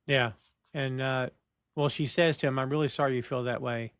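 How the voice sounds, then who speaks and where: A man's voice: medium pitch, fairly even intonation, moderate pace, a bit bright, smooth, no echo, clean studio sound. A man co-hosting a TV review podcast, recapping scenes bluntly and acting out the characters' lines. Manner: blunt, acts out quoted lines. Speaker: podcast co-host. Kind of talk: casual TV review chat, recapping plot.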